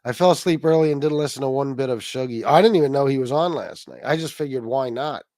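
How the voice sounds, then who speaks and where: A man's voice: medium pitch, fast, warm tone, dry recording. Casual profane man hosting livestream. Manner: rambling, swearing, reads chat aloud. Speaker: livestream host.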